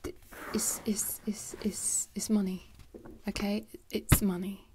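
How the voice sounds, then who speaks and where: A woman chatting in a soft, rambling way for ASMR, moving between quiet speech and whispers and making jokes. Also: medium pitch, level tone, slow pace. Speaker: ASMR creator.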